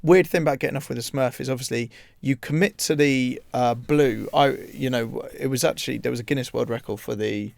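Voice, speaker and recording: A man's voice: mid-range voice, a little fast, vocal fry, no room sound. A British man radio host telling self-mocking anecdotes in casual chat.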